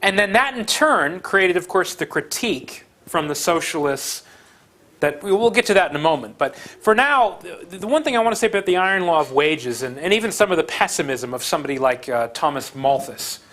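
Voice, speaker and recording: A man giving a university lecture in a conversational way, with frequent fillers, restarts and animated emphasis. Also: sits high, brisk. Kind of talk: classroom lecture.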